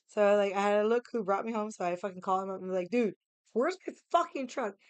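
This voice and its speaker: A woman's voice: mid-range voice, fairly even intonation, fast talker, darkish tone, clear, resonant tone, no echo. A young woman casually telling a story, laughing often, swearing freely and acting out the voices of the people she quotes. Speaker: vlogger.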